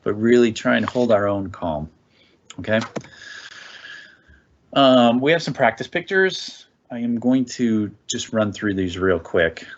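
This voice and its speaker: A man's voice: on the low side, highs cut off. A man training parents in a casual presentation, talking conversationally and often checking in with "okay?".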